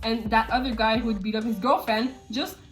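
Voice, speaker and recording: Young woman, crude laughing storyteller, higher voice, faint music behind. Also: brisk. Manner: profane, laughing, animated storytelling. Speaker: vlogger. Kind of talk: casual storytelling chat.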